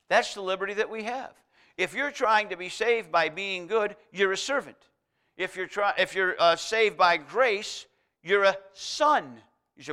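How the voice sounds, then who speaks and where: A man's voice: sits high, expressive, measured pace, pushed and bright. A man preaching a sermon, reading scripture aloud and driving his points home with repeated contrasts. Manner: emphatic, repetitive contrasts, reads scripture aloud.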